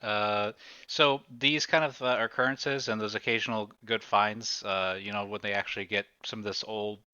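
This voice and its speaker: A man's voice: lowish voice, fairly even intonation, moderate pace, pushed and bright, clean tone, no echo, muffled recording. A man narrating a tabletop game as game master, hesitant and full of fillers.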